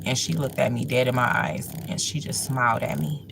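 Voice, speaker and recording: A woman's voice: very deep voice, steady tone, normal speed, creaky, noisy background. A woman hosting a livestream, telling a personal story at home in a rambling way, full of filler words. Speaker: livestream host.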